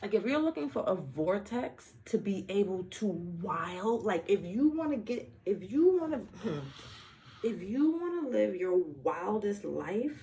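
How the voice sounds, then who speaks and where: A woman's voice: medium pitch, sing-song, measured pace, dark tone, a little hiss or hum. A woman from the Bronx in a casual, rambling monologue, blunt and profane, often breaking off mid-thought with playful asides. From the Bronx, New York. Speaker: vlogger.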